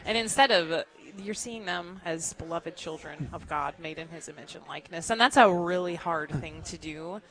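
A woman hosting a radio talk show, affirming her guest warmly. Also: lowish voice, moderate pace, hardly any pauses, poor audio. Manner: warm, affirming interviewer. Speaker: radio host.

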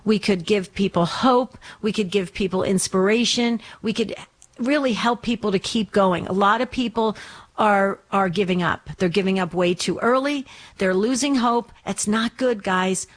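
A woman hosting a call-in radio show, speaking slowly and encouragingly to listeners and callers. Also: medium pitch.

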